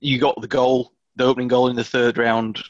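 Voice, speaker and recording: A man co-hosting a casual chat, nudging the guest along in a relaxed, conversational way. His mid-range voice comes through dry and slightly muffled, with a lo-fi feel. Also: medium pitch, fairly quick, no echo. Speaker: podcast co-host. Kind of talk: casual interview questions. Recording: dull dry lo-fi sound.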